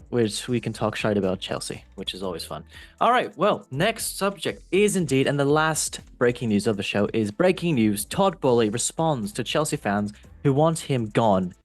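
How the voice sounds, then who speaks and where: A man's voice: medium pitch, sing-song, moderate pace, no room sound. Loose, jokey man hosting a football panel. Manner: jokey, loose, asides while reading. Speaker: podcast host. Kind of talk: casual panel chat and news reading.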